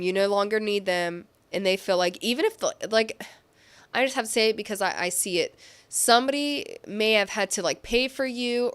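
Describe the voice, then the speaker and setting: Here a woman with a smooth, medium-pitched voice reads tarot in an easygoing manner. Her talk meanders, sprinkled with fillers, and she often backtracks to correct herself.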